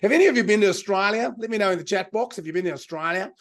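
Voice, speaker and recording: A man with a high-pitched, rapid-fire voice leads a live online motivational seminar as a mind power teacher. He speaks energetically, repeats his key lines for emphasis, and keeps urging the audience to respond in the chat.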